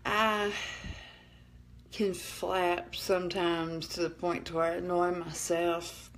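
A woman's voice: on the low side, flat delivery, slow pace, a little hiss or hum. A middle-aged woman with a northeast Alabama Southern accent, chatting casually on a live stream from home, rambling and cutting herself off, laughing often. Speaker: livestream host. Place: at home at night.

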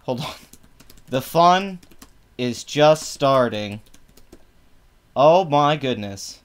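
A man's voice: lively intonation, very slow. A man ranting in a mocking, profane commentary, reacting to posts online. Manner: mocking, profane, loud swings in pitch. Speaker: political commentary vlogger.

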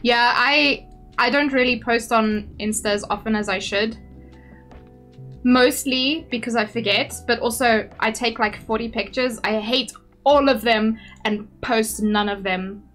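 A woman's voice: a little high, a little slow, a bit bright, faint music behind. A young woman streaming from home, chatting casually with viewers in a bubbly, self-deprecating, giggly way. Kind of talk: casual live-stream chat.

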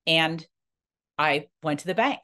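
A woman with a notably low voice tells a personal story to camera. Her delivery is earnest and halting. She often restarts phrases and acts out the lines of the people she quotes. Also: sharp tone. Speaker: non-profit founder.

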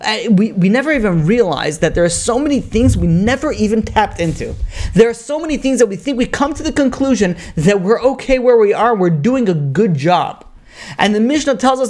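A man teaching a casual Torah class as a rabbi, animated and talking through many quoted voices with frequent fillers. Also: very high voice, fast talker.

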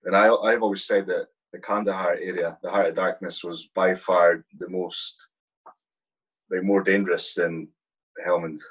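A man's voice: deep voice, little pitch movement, moderate pace, husky, low-quality recording. A man hosting a podcast, a former soldier, chatting casually and agreeing with short replies. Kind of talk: casual chat.

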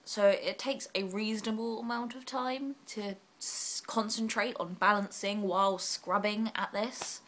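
A young woman vlogging casually while she is unwell, rambling and self-deprecating with quick asides. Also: medium pitch, fairly even intonation, a bit bright. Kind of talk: casual vlog chat.

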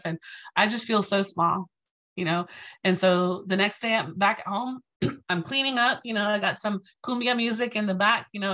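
A woman from Texas gives a lecture built around her own story, talking straight to a live audience. Her voice is bright and forward, and she acts out each quoted exchange with animation. She keeps checking in with the crowd as she goes. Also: mid-range voice. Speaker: guest speaker.

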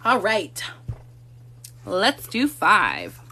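A woman's voice: mid-range voice, huge pitch swings, very slow, pushed and bright, slight background noise. A woman hosting a casual live stream from a room at home, chatting to viewers and cooing baby talk to her cats.

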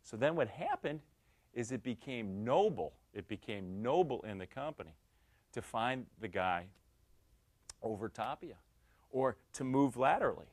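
A middle-aged man giving a lecture, telling lively anecdotes and acting out the dialogue, with frequent restarts. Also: mid-range voice, a little slow. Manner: lively storytelling, acts out quoted dialogue, many restarts. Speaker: guest speaker.

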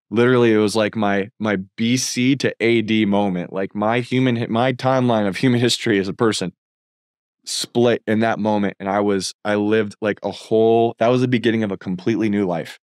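A man in his thirties with a lowish voice tells his faith testimony with earnest fervor. The sound is close and dry, with no room around him. He builds from story to a heartfelt appeal. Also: fairly even intonation, moderate pace, dry recording. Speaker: filmmaker and content creator.

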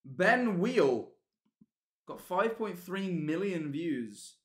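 Excitable British man, high lively voice. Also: drawn-out words, faint music behind. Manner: excitable, swears, bursts into yelling outbursts. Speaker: streamer reacting to videos. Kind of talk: live-stream reaction commentary.

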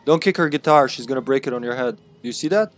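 A Welsh man co-streaming a video game, chatting loosely and laughing a lot between his lines. His voice sits in an ordinary middle pitch, and his talk is loose, jokey and sometimes crude. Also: fast, soft background music. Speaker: co-op gaming streamer. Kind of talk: casual gaming banter.

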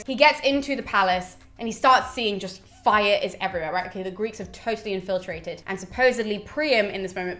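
A woman's voice: medium pitch, sharp tone. A young woman retelling an ancient epic as a casual lesson, chatty and irreverent, acting out lines with mild swearing. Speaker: mythology explainer.

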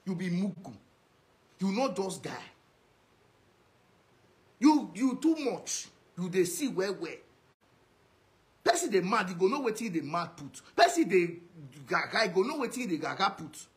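A social media commentator with a high-pitched voice and a Nigerian Pidgin accent rants directly at someone in a video message, scolding and insulting him while repeating the same put-downs again and again. His delivery is sing-song and unhurried, with long pauses.

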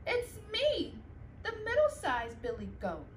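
A woman's voice: sits high, huge pitch swings, takes it slowly, heavily acted. A nervous, medium-sized billy goat, voiced by a woman storyteller pleads in a lifted, eager voice. Room echo surrounds it and a faint hum sits underneath. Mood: pleading. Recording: roomy echo.

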